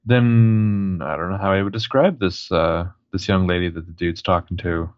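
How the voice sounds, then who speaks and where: A man's voice: sits low, fairly even intonation, moderate pace, no echo, lo-fi sound. A man co-hosting a podcast, plainly describing film footage with joking asides. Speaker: podcast co-host. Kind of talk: casual film commentary.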